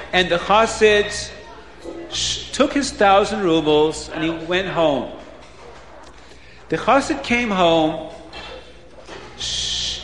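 A man telling a children's story, acting out the characters' voices with lots of expression. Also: high voice. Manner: animated, acts out characters' voices. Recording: echoey hall with faint ambience.

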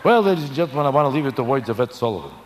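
A man's voice: mid-range voice, sing-song, racing, noisy background. A man doing a stand-up routine, kvetching and ranting with Yiddish words. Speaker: stand-up comedian.

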